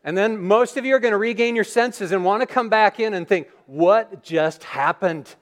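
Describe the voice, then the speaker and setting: A man preaching a sermon as pastor in a church, reading scripture and then retelling the story in an animated, dramatic way. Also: high-pitched, brisk. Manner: animated storytelling, acting out scenes. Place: church sanctuary.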